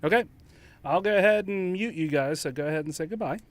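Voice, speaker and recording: A man's voice: high-pitched, fast, slight background noise. A teasing, giggly man chatting casually with his tabletop game group. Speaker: player.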